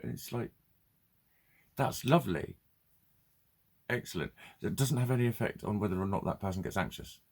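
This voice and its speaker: A man's voice: on the low side, quick pace, hardly any pauses, a little mellow. A man ranting bluntly and swearing in a casual vlog. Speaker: vlogger. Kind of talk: casual ranting monologue to camera.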